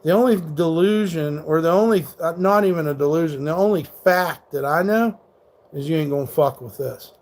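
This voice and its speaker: Combative, profane male livestreamer, higher voice. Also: normal speed, a little mellow. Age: 30s. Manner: combative, profane, rants back at hecklers. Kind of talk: live stream, answering chat.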